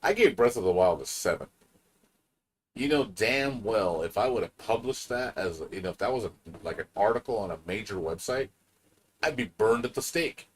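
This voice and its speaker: A man with a somewhat low voice rants on a gaming stream. He swears freely and gets more and more heated. He mocks other people by putting on quoted voices. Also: lively intonation, moderate pace. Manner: profane, heated ranting with mocking quoted voices. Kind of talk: casual gaming stream rant.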